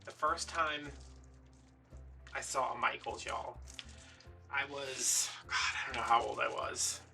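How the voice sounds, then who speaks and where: Chatty man with a bright voice. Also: mid-range voice, steady tone, slow, gravelly, recorded from a distance, soft background music. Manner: chatty, rambling and playfully dramatic. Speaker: craft video host. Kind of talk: casual storytelling while crafting.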